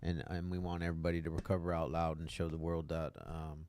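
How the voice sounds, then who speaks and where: Laid-back deep-voiced meeting host. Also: male voice, monotone, fast talker, darkish tone, a little hiss or hum. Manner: laid-back, welcoming, casual swearing. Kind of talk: welcoming group talk. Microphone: video call.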